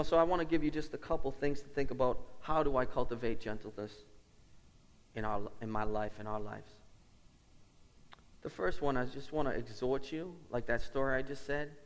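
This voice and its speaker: Male lead pastor, mid-pitched, earnest storytelling sermon voice, long church reverb. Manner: earnest, storytelling with repeated phrases. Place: church sanctuary.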